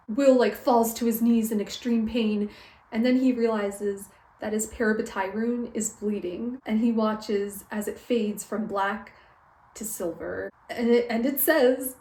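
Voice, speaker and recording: A woman's voice: fairly high pitch, fairly even intonation, measured pace, mellow, echoey room, poor audio. A young woman vlogger recapping a book in a casual, dramatic way, with exaggerated outbursts.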